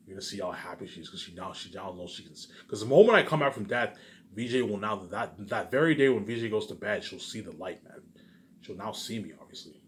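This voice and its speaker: Fast-talking and animated, the channel host speaks in a lowish, somewhat bright voice, with a little hiss or hum underneath. His solo monologue to viewers rambles, full of profanity and grandiose emphasis, peppered with "obviously" and "you know what I'm saying."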